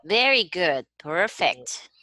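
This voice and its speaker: A woman's voice: fairly low pitch, sing-song, takes it slowly, sharp tone, dry recording. A woman language tutor, a native Tagalog speaker, giving a one-on-one online lesson. She is encouraging and checks understanding with a frequent "okay?". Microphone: video call.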